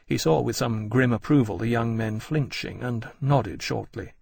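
A man narrating an audiobook in an even, measured storytelling way. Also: mid-range voice, vocal fry, breathy edge, no room sound. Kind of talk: scripted narration.

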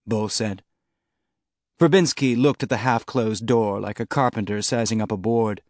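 A man reading an audiobook in steady, measured scripted narration on a close studio mic. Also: mid-range voice, dry recording.

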